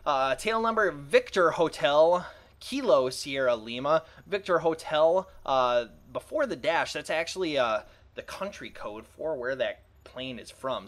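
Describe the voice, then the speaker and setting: A man's voice: a little high, sing-song, measured pace, a bit bright. Rambling man narrating a flight sim. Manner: rambling, self-correcting, jokey asides. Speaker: let's play host. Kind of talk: casual flight sim commentary.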